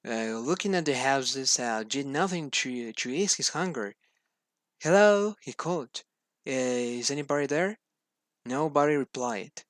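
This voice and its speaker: A man's voice: medium pitch, expressive, normal speed, few pauses, fairly bright tone, dry recording. Man hesitantly reading a storybook. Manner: hesitant with many fillers and restarts. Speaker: student.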